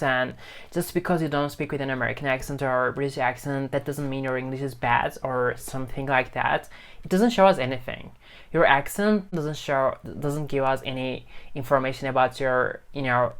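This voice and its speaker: With a smooth, mid-range voice, a male English teacher talks straight to a phone camera in a casual lesson. He's emphatic, tends to repeat himself, and checks in constantly with "okay?".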